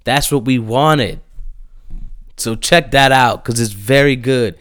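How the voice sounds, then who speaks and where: A young man giving casual, blunt music reviews, swearing and breaking into animated, emphatic outbursts. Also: medium pitch, slow pace, no room sound, studio quality.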